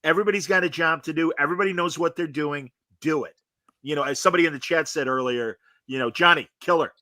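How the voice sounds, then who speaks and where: Bright-voiced, jokey podcast host. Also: male voice, on the high side, no room sound, studio quality. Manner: jokey, quick to interject. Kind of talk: casual podcast chat.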